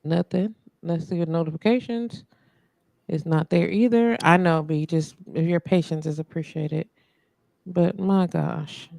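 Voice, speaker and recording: Frustrated host with a gravelly voice. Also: female voice, lowish voice, unhurried, mellow, no echo. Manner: frustrated, muttering while fixing tech. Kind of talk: casual live-stream chat.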